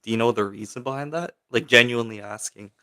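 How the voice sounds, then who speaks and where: A man's voice: medium pitch, quick pace, pushed and bright, clean tone. Chatty young man answering his livestream chat. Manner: chatty and rambling, many fillers, reads chat questions aloud. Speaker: livestream host. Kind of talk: casual livestream chat, answering viewer comments.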